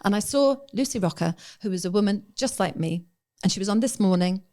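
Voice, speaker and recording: A woman's voice: mid-range voice, lively intonation, fairly quick, dark tone. Frank, reflective woman podcast guest. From England, raised in Ireland. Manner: frank and reflective, acts out her own past thoughts. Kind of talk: candid podcast conversation.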